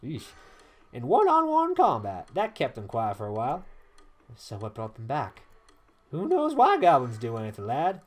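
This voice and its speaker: A man's voice: medium pitch, wildly swooping pitch, moderate pace. A man putting on a folksy old Southern weapon master. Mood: boastful. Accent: Southern US, put on. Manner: folksy, grumbling, calls the hero lad. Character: old gruff male weapon master, boastful, talkative.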